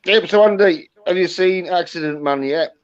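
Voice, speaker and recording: A man's voice: sits high, moderate pace, clean tone. A man hosting a casual livestream, trading crude, profane banter with his guests. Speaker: livestream host. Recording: dull lo-fi sound.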